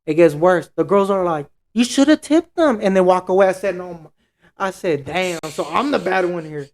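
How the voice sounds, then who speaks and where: A man's voice: high voice, fairly even intonation, normal speed. A man co-hosting a podcast, telling a story in casual, profane slang and acting out what everyone said. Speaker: podcast co-host.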